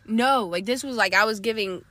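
A woman's voice: fairly high pitch, normal speed, dry recording. A woman with a Boston accent, chatting casually as a podcast co-host inside a car and telling stories in a rambling way with lots of "like". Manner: animated storyteller, restarts, lots of "like". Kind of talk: casual chat.

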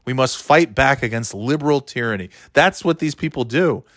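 A man's voice: medium pitch, lively intonation, normal speed, a bit bright, no room sound, clean studio sound. Profane, rambling male podcast host. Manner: rambling, sarcastic, swears a lot. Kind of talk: casual profane rant.

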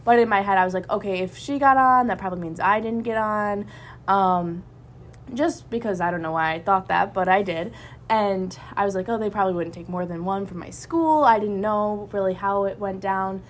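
A young woman, a college student and student club member, telling a story in a casual podcast chat, animated and full of fillers. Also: medium pitch, normal speed, slight background noise. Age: young adult.

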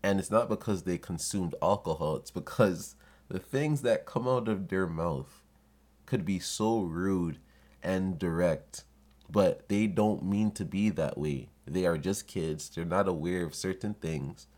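Low-voiced young guy on his podcast, cussing a lot, doing little voices of the people in his stories. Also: unhurried. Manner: profane, animated, acts out quoted voices with laughs. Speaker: podcast host. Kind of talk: comedic storytelling monologue.

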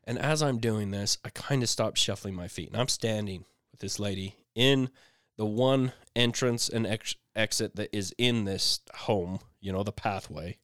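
A man's voice: fairly low pitch, normal speed, hardly any pauses, smooth, dry recording, studio quality. A man co-hosting a podcast, telling a casual story and acting out the voices in it with lots of laughter. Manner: animated, acts out voices, laughs often. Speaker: podcast co-host.

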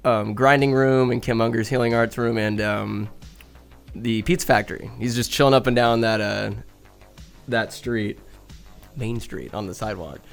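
A man's voice: mid-range voice, fairly even intonation, normal speed, creaky, faint music behind. A young man from Northern California telling rambling, chatty cat stories at home, swearing and laughing along the way. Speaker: vlogger. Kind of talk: casual rambling storytelling. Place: home room with a bookcase.

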